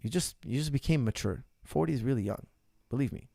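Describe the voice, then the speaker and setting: A man's voice: mid-range voice, expressive, a little fast, vocal fry, warm tone, no echo, clean studio sound. A man in his forties, a martial arts coach answering viewer questions in a casual livestream, blunt and emphatic, repeating his key points. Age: 40s.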